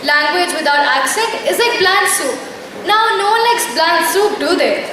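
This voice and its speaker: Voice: very high-pitched, expressive, normal speed, recorded from a distance. A young woman presenting a school play in a playful, rhetorical scripted style. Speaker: stage presenter. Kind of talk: scripted stage announcing. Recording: echoey hall, from afar, noisy.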